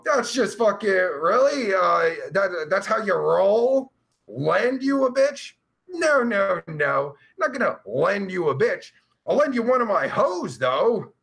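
A man hosting a live stream, reading chat aloud in a brash, profane, loud way. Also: high voice, creaky.

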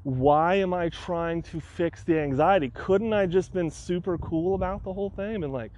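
A man with a fairly high voice hosts a solo podcast. He tells a personal story with lively energy and acts out his own frantic rants. A faint hum sits under the recording. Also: slow pace, dull audio. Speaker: podcast host.

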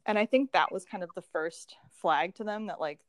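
A young woman telling a personal story in casual conversation, animated and acting out what others said, with frequent laughs. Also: fairly low pitch, moderate pace, no echo. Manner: animated, acts out quoted dialogue, laughs often. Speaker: guest sharing birth story.

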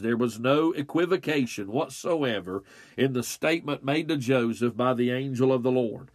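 Deliberate preacher man, dry sound. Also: medium pitch, no room sound. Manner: slow, deliberate delivery with emphatic pauses. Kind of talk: expository sermon.

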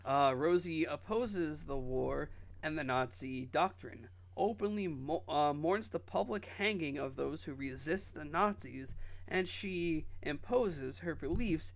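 A man co-hosting a casual podcast, reading a plot summary with halting restarts. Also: a little high, vocal fry. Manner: exasperated, laughing, reads haltingly. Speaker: podcast co-host.

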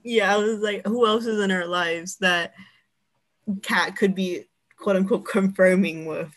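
A woman's voice: medium pitch, fairly even intonation, a little slow. A young woman co-hosting a casual chat podcast, telling a story and laughing often as she goes. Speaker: podcast co-host.

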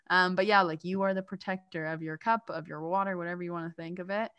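Lively woman in dry close-mic chat. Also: mid-range voice, fast, hardly any pauses, clear, resonant tone, no echo. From Lebanese heritage. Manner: animated, breaks into loud mock-yelling. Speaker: co-host, spiritual coach. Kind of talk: casual podcast chat.

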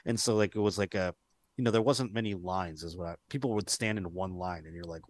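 A man's voice: low-pitched, fairly quick, a little hiss or hum. A man co-hosting a podcast in loose, profane, rambling casual chat, often acting out quotes. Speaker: podcast co-host.

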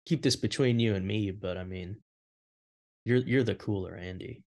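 A man's voice: on the low side, moderate pace, a little mellow. A man hosting a podcast, upbeat and teasing, with joking asides in casual talk. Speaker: podcast host.

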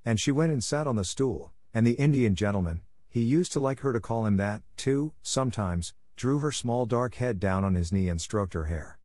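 A man reading a classic children's story aloud as a narrator, in a measured, even way. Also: medium pitch, no room sound, clean studio sound. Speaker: audiobook narrator.

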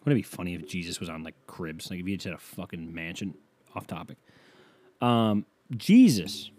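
A man hosting a podcast, delivering a casual comedic monologue in a profane, ranting way that breaks into mock yelling. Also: deep voice, lively intonation, normal speed, no echo. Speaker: podcast host.

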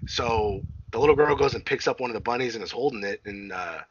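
A man co-hosting a podcast, retelling a movie plot in casual, rambling chat full of fillers and swearing, bouncing his pitch up when he quotes the characters. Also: fast talker, highs cut off, a little hiss or hum. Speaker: podcast co-host.

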